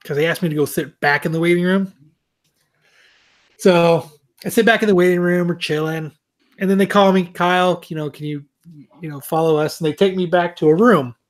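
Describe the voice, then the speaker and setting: A man co-hosting a podcast, telling a long story in a casual, animated, self-mocking way, with plenty of swearing. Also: sits high, a little fast. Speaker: podcast co-host.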